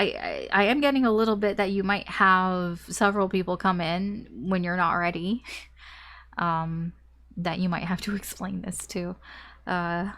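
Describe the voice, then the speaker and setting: A woman's voice: fairly low pitch, vocal fry, a bit bright. A woman giving a casual tarot reading to her viewers, chatty and full of fillers and restarts. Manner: chatty, frequent fillers and restarts, light laughs. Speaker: tarot reader.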